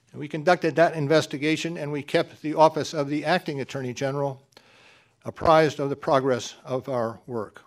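A man delivering a formal public statement as a government official, in a measured, deliberate manner. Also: on the high side.

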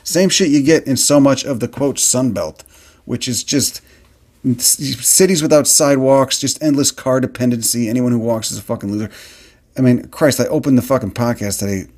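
A man's voice: medium pitch, normal speed, darkish tone. A man hosting a solo podcast, ranting in a heated, profane, worked-up way while talking about a plant he is looking at. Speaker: podcast host. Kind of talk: casual solo podcast rant.

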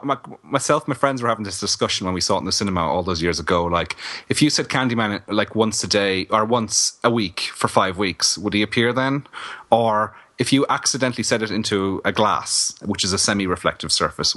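Low, bright-voiced man chatting films. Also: brisk. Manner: chatty and animated, laughs often. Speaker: podcast co-host. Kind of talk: casual film review chat.

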